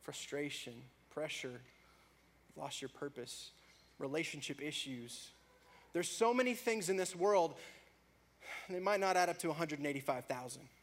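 A man preaching a sermon, rising to loud, fervent prayer and dropping back to a soft, conversational tone. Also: lively intonation, moderate pace. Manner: builds to loud, high-pitched fervor in prayers; drops to soft, low conversational tone between peaks. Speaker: pastor.

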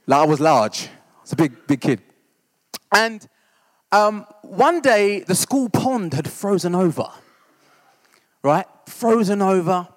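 With a high voice and very animated energy, an East End discipleship leader tells humorous stories from the pulpit at a measured pace. He pokes fun at himself, keeps tossing in "right?", and a long reverb tail trails his words.

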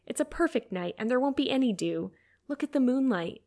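A woman reading aloud, voicing a gentle, admiring teenage girl friend. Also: sits high, expressive, brisk, pitched above the performer's own voice. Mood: fond.

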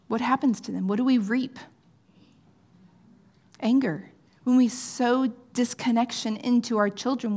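A woman preaching in a relaxed, conversational way, her voice sitting a little high. She keeps checking in with the room and now and then sinks to a hushed, almost whispered tone. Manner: earnest, often checks in with "right?"; drops to soft, near-whispered phrases at times. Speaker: pastor. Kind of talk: conversational sermon.

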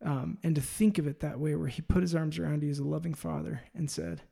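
Gravelly, earnest male faith-podcast host. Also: a little high, fairly even intonation, dark tone. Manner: earnest, heartfelt, halting with restarts. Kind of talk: faith-based interview conversation.

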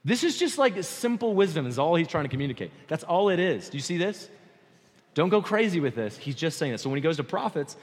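Animated male pastor preaching in a reverberant church. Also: fairly high pitch, quick pace. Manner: conversational, animated, often checks in with "okay?". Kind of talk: sermon. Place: church sanctuary. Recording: long hall reverb.

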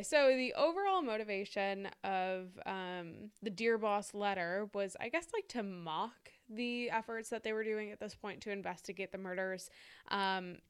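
A woman's voice: medium pitch, smooth. A woman co-hosting a casual podcast, chatting with frequent "like" and "um" fillers. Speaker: podcast co-host. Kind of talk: casual conversational chat.

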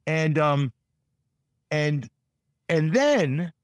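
A man's slightly high voice draws out his words in a dry recording. As an actor being interviewed, he rambles casually through stories, restarting sentences frequently and performing quoted lines in vivid voices.

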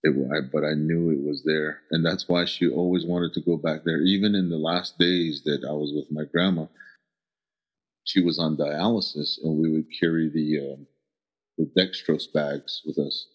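A middle-aged man from the American Southwest with an extremely deep, low voice. He talks through his memories in an earnest, halting way, restarting phrases as he searches for words. The recording sounds dull and lo-fi. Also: fairly even intonation. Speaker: interview guest. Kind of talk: reflective personal storytelling.

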